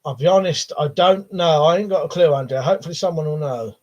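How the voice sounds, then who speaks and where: Dull, lo-fi stream audio captures a man talking fast with a fairly high pitch and a darkish tone. He's hosting a live stream, reading comments from viewers aloud and swearing freely as he casually responds.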